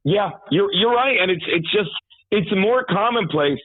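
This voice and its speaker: A man phones in as a guest and rants in a worked-up, profane way. His voice sits high and sounds husky. The tinny, narrow phone line gives it a dry feel. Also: expressive, unhurried, no room sound. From New York. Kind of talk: casual talk show banter.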